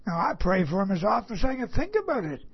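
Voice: mid-range voice, sing-song, fast talker, breathy edge, lo-fi sound. A preacher delivering a sermon as a personal story, speaking emphatically and repeating phrases for stress.

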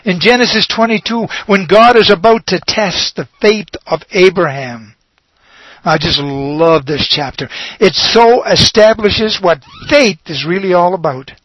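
A man preaching a sermon, slow and emphatic, leaning on dramatic pauses and repeated words. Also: high-pitched, a bit bright, no echo, poor audio.

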